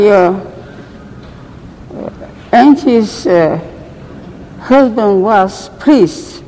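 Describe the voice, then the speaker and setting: An older woman recounting her past slowly in a gravelly, mellow voice. Her English is halting and broken, full of false starts. The recording has a long reverb and a faint background hiss. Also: fairly high pitch. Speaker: survivor giving testimony. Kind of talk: oral history recollection.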